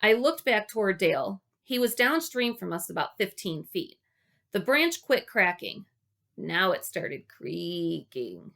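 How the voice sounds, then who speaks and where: A woman reading a children's book aloud, telling the story in an expressive, unhurried way. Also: medium pitch, gravelly. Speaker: reader.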